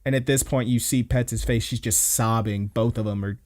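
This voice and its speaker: Brief: a male podcast host with a middle-pitched voice, casually recapping anime with profanity. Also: normal speed. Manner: profane, excited retelling of scenes.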